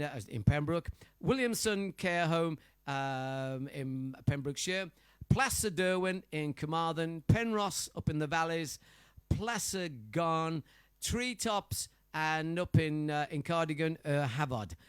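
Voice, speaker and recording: A Welsh man giving friendly shout-outs in a casual, rambling way, full of fillers, as a singer greeting his listeners. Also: fairly high pitch, measured pace, clear, resonant tone, dry recording. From Wales. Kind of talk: casual live-stream chat.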